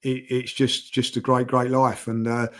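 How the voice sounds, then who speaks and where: A man's voice: medium pitch, completely flat delivery, moderate pace. An older man telling stories in a rambling, casual way, full of fillers and restarts. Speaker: podcast guest. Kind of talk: casual storytelling chat.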